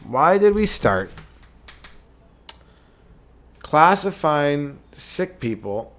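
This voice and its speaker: A young man doing a rambling, profane comedy monologue as a stand-up podcast host, who keeps breaking into quick acted voices and yells. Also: on the high side, big pitch swings.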